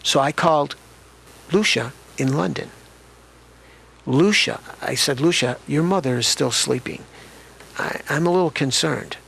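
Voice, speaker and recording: Gravelly older man reminiscing. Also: a little high, lively intonation, measured pace, pauses often, a bit bright. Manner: conversational, reflective, often restarts sentences. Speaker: interview guest, author. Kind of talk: reminiscing storytelling in an interview.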